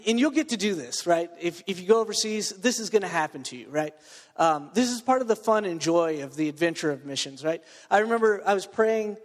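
Guy preaching in a church, chatty storytelling w/ lots of "like" and "right?", kinda high voice, hall echo. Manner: storytelling with filler words and asides. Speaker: pastor. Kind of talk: sermon.

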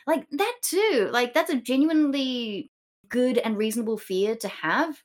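A woman's voice: a little high, unhurried. A woman co-hosting a podcast, chatting casually about a play with many fillers and acted-out quotes. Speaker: podcast co-host.

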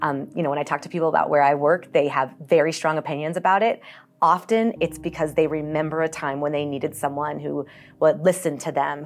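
Low-voiced colorado woman, ceo on a podcast, earnest and open, some ums. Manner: earnest, warm storytelling with occasional fillers. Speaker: nonprofit health organization CEO. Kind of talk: podcast interview.

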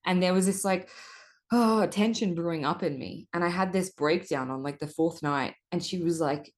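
A woman's voice: on the low side, normal speed. A woman hosting a solo podcast, talking casually and animatedly about her spiritual life, swearing often. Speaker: podcast host.

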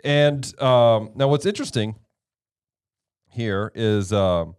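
Man hosting a bible study chat, lively up-and-down voice, dry close mic. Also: medium pitch, takes it slowly, clear, resonant tone, no room sound. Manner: animated, laughs easily, reads scripture aloud. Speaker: podcast host and Bible teacher. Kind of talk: casual Bible study discussion.

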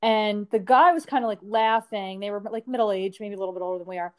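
A woman's voice: medium pitch, fast, darkish tone, smooth. A woman co-hosting a podcast, telling a rambling story in casual chat, full of "like" fillers. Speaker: podcast co-host.

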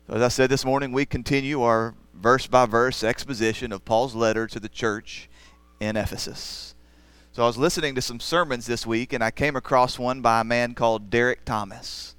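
A man's voice: medium pitch, steady tone, normal speed, a bit bright, clear, resonant tone, dry recording. A man preaching a sermon as the pastor, earnest and rising to emphatic passages.

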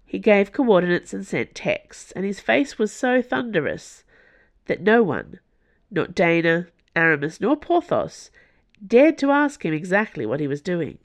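Brief: unhurried woman narrator, lowish voice, dry close studio sound. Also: big pitch swings, no room sound. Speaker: audiobook narrator. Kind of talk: scripted narration.

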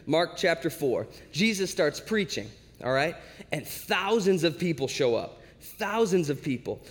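A male preacher giving a sermon as casual, animated storytelling. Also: high voice, long reverb tail.

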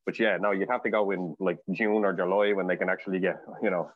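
A man's voice: low-pitched, steady tone, fast, dry recording, phone-quality sound. An Irish man living abroad, a guest in a casual chat, talking in a chatty storytelling way. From Ireland. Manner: chatty, storytelling with acted quotes.

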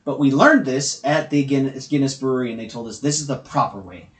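A man co-hosting a travel vlog, telling an animated story and acting out the voices of the people in it. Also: mid-range voice, brisk. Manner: animated, acts out quoted voices. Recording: roomy echo.

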